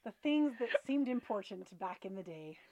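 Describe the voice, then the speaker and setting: A woman's voice: medium pitch, lively intonation, moderate pace, mellow, dry recording, highs cut off. A woman in her thirties co-hosting a casual chat show, with wry, playful jokes. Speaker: podcast co-host.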